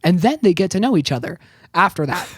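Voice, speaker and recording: A man's voice: sits high, animated, fast, husky, no echo, clean studio sound. A man with a strained voice, recapping a film plot with sarcastic asides and laughter in a casual podcast chat. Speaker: podcast co-host.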